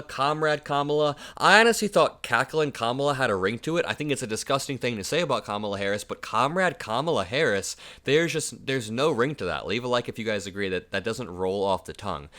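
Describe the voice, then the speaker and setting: A man hosts a political commentary video, his voice at an ordinary middle pitch. He talks in a mocking, animated way, reading out quotes and tearing into them.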